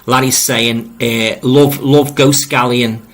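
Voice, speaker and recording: A man's voice: medium pitch, fairly even intonation, slow. Chatty Liverpool man hosting a live stream. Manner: rambling, repeats words and restarts often; friendly, addresses viewers directly. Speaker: livestream host reading viewer comments. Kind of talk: casual live-stream chat.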